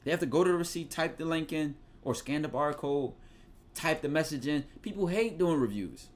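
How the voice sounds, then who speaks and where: Speaking at normal speed in a higher-pitched voice, this Philly-accented man from Philadelphia, USA hosts a podcast dishing out casual advice. He swears, uses slang and tells stories in a loose, animated way.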